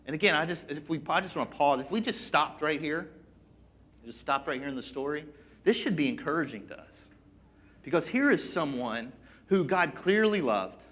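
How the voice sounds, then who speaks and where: Man preaching, fairly high voice, conversational sermon, bursts of passion. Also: fairly bright tone. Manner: conversational, rising to impassioned pleading. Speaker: pastor.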